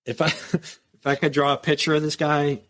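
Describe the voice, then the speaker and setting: A middle-aged man from the United States, a former prison captain, telling a story as a podcast guest in a casual, profane, animated way. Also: on the high side. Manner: profane, animated storytelling, acts out quoted dialogue.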